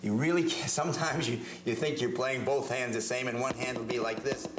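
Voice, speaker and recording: A man's voice: medium pitch, steady tone, fairly quick, roomy sound, crowd noise. A man giving a hands-on drum lesson, explaining technique step by step and often repeating words as he demonstrates. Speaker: drum teacher. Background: drum hits between phrases.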